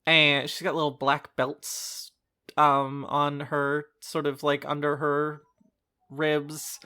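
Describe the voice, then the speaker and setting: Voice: medium pitch, little pitch movement, slow, pushed and bright, clear, resonant tone. A podcast co-host in casual chat, rambling and hesitant with many ums.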